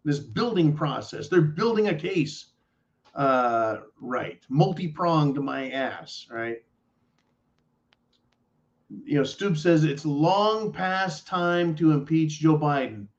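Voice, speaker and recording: A man hosting a live stream, reading viewer messages aloud and ranting bluntly and sarcastically, with profanity, swinging between low mutters and loud outbursts. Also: dull audio. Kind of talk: casual political rant to a live chat.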